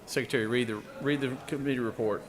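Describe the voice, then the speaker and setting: A man's voice: mid-range voice, fast talker. Guy running a senate floor session, formal calls mixed with easy jokes. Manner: relaxed, joking between formal procedure. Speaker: presiding officer of a state senate. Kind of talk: chairing a legislative floor session.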